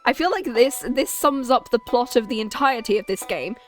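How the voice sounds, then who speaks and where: A woman's voice: on the high side, lively intonation, brisk, faint music behind. A woman streamer giving chatty, jokey let's-play commentary as she plays a game and voices its characters. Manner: chatty, jokey and self-mocking.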